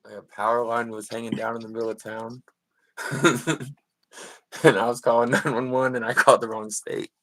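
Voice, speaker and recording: A man's voice: medium pitch, little pitch movement, normal speed, sharp tone, poor audio. A young man chatting casually over a split-screen drawing stream, rambling through stories and laughing as he goes. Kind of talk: casual chat. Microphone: video call.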